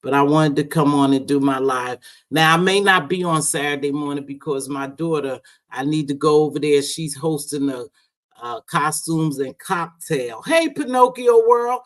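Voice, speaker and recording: A woman's voice: low voice, moderate pace. A middle-aged woman hosting a casual live stream chat, talking loosely, swearing now and then and calling people sweetheart and baby. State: unwell after medication. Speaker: livestream host.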